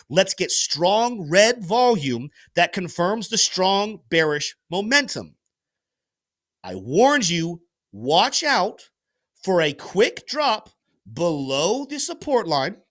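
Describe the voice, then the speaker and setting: A man hosts a crypto livestream, his fairly high voice bouncing up and down in pitch as he pushes viewers to like the video and join up. He talks with an animated, salesy drive. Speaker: crypto show host. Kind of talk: livestream market commentary.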